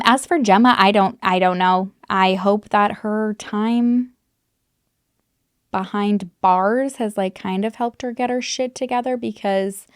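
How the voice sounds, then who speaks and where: A woman's voice: mid-range voice, clear, resonant tone, no echo. Candid woman true crime vlogger, dry sound. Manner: candid, swears freely, many likes and you knows. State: recovering from illness, on antibiotics. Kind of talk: casual true crime commentary to camera.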